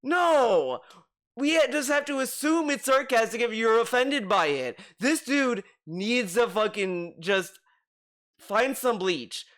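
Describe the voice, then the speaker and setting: A man's voice: very high-pitched, animated, slow pace, fairly bright tone. A man ranting in reaction commentary, sarcastic, profane and exasperated. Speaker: commentary YouTuber.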